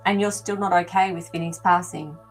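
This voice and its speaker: A woman's voice: on the low side, fairly even intonation, fairly quick, faint music behind, low-quality recording. A woman hosting a live animal communication show, talking casually to viewers and thinking aloud with many ums. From not from America. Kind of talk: live-stream reading for viewers.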